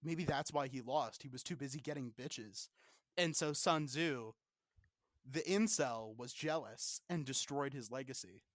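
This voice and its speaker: A man's voice: mid-range voice, measured pace, fairly bright tone, dry recording, studio quality. A young man co-hosting a podcast, ranting and swearing in mock-arrogant casual chat. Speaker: podcast co-host.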